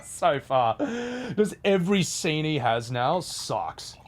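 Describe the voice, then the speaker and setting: Lively, sweary man streaming a game. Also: fairly high pitch, slow pace. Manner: swears a lot, rants loudly at the game, then drops to soft mumbles. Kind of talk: live gameplay commentary.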